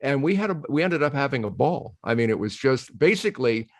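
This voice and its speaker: An older man chatting as a guest in an easy, animated way, laughing readily and dropping into quoted voices as he tells his stories. His voice sits at an ordinary pitch and is recorded close and dry, with no room sound around it. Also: fairly quick, no echo. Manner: animated storyteller who slips into quoted voices; laughs easily. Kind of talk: casual conversation.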